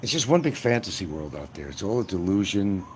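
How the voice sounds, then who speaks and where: A man's voice: deep voice, very animated, brisk. A man hosting a live stream, chatting to his viewers in a rambling, meandering way. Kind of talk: rambling casual live chat. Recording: noisy ambient background.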